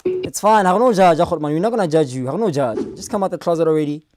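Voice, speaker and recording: A man hosting a live reaction stream, loud and animated, with crude banter and put-on voices. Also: fairly high pitch, fast talker, slight background noise.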